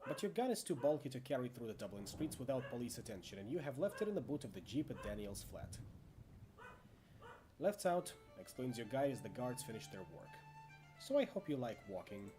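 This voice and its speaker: A man narrates a tabletop horror game as game master, his pitch rising and falling with animation. He breaks off for chatty asides and trips over names. Music plays steadily underneath. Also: big pitch swings, fast talker, few pauses.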